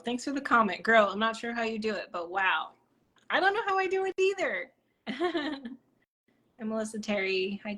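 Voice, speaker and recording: Reading out viewer comments on her live stream, a psychic medium from Rhode Island chats in a bubbly way that slips into soft whispers. She has a mid-range voice.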